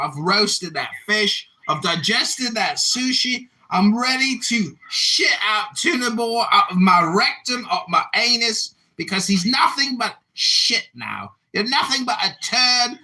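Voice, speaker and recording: An American man in his forties rants in a heated audio chat room argument. His voice swings widely up and down and has a bright, forceful edge. He is abrasive and mocking throughout. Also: high-pitched, sing-song, a little slow, few pauses, low-quality recording. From United States. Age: 40s. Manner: abrasive, mocking and insulting, ranting loudly. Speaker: political candidate and online personality.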